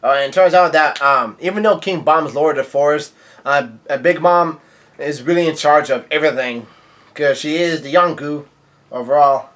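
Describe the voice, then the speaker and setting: A man's voice: on the high side, moderate pace, a bit bright. A man casually recapping a comic chapter, rambling with many fillers and restarts. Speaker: manga reviewer.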